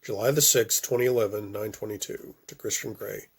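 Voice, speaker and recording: A man reading a first-person novel aloud, with occasional stumbles and restarts and phrases that drop off softly. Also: on the low side, brisk, vocal fry, hardly any pauses, slightly rough. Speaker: audiobook reader.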